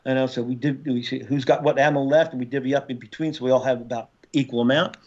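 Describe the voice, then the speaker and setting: A man in his sixties, a former Marine and podcast guest, telling war stories in a casual, profane way and shouting out reenacted orders. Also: medium pitch, fairly even intonation, fast talker. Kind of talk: casual storytelling interview. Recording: slightly dull podcast audio.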